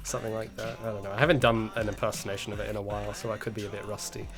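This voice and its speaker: A man's voice: lowish voice, little pitch movement, very fast, music in the background. Rambling Australian man on a livestream. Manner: rambling, hedging, chuckles often. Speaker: indie game developer streaming. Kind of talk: casual livestream chat.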